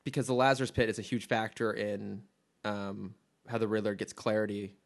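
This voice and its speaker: A man's voice: fairly low pitch, flat delivery, fairly quick, creaky. A man co-hosting a podcast in casual chat, talking enthusiastically and rambling with restarts and fillers. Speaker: podcast co-host.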